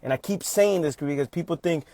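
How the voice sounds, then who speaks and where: Man, motivational livestream talker, a bit high-pitched, emphatic and repetitive, dry close sound. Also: brisk, dark tone, dry recording. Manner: emphatic, repetitive, calls listeners "fam". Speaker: motivational speaker.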